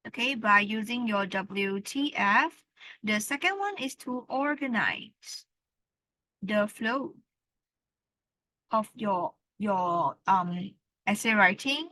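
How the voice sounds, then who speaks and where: A woman's voice: mid-range voice, animated, slow pace, long pauses, bright, forceful tone, no room sound, rough recording. A woman teaching an English lesson, explaining and repeating key words and saying "all right" often. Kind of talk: classroom lesson.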